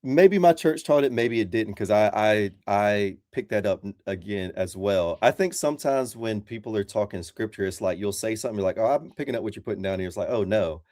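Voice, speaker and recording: A man's voice: fairly low pitch, expressive, a little fast, hardly any pauses, darkish tone, dry recording, clean studio sound. A man calling in as a Christian, talking in a casual, rambling way full of fillers. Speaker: Christian caller. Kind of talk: casual debate chat.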